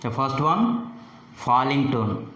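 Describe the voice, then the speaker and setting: A man teaching a lesson on intonation, speaking in short halting phrases and demonstrating rising and falling pitch. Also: sing-song, a bit bright, echoey room, slight background noise, low-quality recording. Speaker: English teacher. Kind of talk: slow deliberate phonetics lesson.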